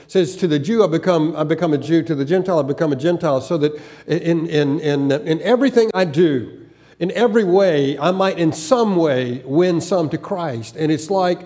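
This Southern-raised male pastor, whose accent has mostly faded, delivers a sermon earnestly but haltingly, restarting and repeating words. His voice is fairly high and mellow, and he laughs now and then.

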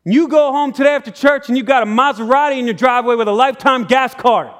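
High-voiced animated preacher man. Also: fast. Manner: animated storytelling with acted dialogue and sudden quiet drops. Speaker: pastor. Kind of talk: sermon. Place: church sanctuary.

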